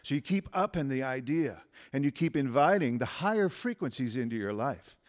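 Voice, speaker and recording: Man leading slow spoken affirmations. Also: mid-range voice. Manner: animated, repeats phrases slowly with emphasis. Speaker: guest speaker and musician. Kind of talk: spiritual talk with group affirmations.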